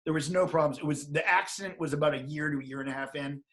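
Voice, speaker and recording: A middle-aged man, a guest on an interview show, telling a personal story in a casual, animated way and acting out the people he quotes. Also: a little high, fast talker. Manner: animated, acts out quoted voices.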